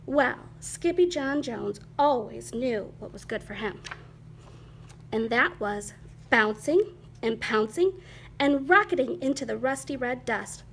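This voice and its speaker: Woman reading a kids picture book out loud, high voice, lively, faint hiss. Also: slow, vocal fry. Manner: lively, expressive, rhythmic. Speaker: storyteller. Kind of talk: children's picture book read-aloud.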